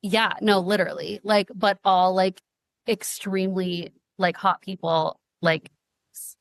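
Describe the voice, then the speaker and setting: A woman's voice: medium pitch, fairly even intonation, a little slow, vocal fry, dry recording. A young woman guest on a podcast, speaking earnestly in casual chat with many fillers. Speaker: guest, advocacy founder.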